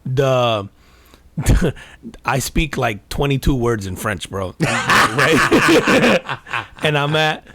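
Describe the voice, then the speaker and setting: A man's voice: mid-range voice, extremely slow, vocal fry. A man co-hosting a podcast, telling stories in casual chat, laughing often and calling his friend "bro". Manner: animated storyteller, says "bro" a lot, laughs often. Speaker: podcast co-host.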